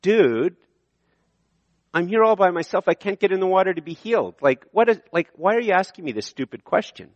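A man's voice: high voice, a little slow, no echo, muffled recording, pitched above the performer's own voice. A preacher acting out a bitter, sarcastic man who has been bedridden for many years, in a raised voice. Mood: exasperated.

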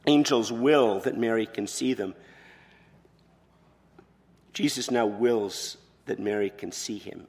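A man preaching a sermon as pastor, expressive, moving between quiet, soft passages and loud emphatic ones. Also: fairly low pitch, slow pace, pauses often, in a large hall.

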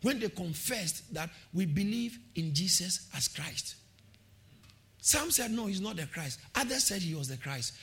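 High, lively, exhorting male preacher. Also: measured pace. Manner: exhorting, repeats phrases, calls for shouts of response. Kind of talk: sermon.

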